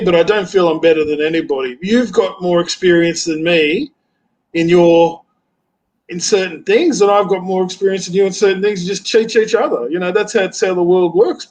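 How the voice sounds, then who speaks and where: An earnest man with a high voice chats on a live stream. He is placating and repeats his phrases as he works round to his point. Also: normal speed, poor audio. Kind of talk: casual chat on a live stream.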